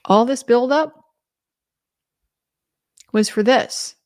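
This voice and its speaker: A woman's voice: on the high side, very slow. A woman as a legal commentator, giving a casual trial recap in a conversational way with lots of filler words.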